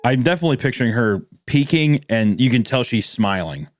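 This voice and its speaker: A man co-hosting a horror podcast, cracking jokes and playing out over-the-top reactions. His pitch swings widely as he talks. His voice is recorded dry and close, with no room sound. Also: brisk, no room sound, faint music behind. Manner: joking, animated, acts out exaggerated reactions, swears. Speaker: podcast co-host. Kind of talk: casual horror podcast chat.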